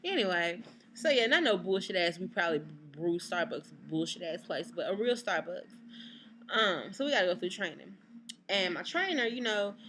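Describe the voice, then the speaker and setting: A woman's voice: lowish voice, a bit bright, a little hiss or hum. A young woman, ranting to camera in a casual vlog, blunt and exasperated, swearing freely. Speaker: vlogger.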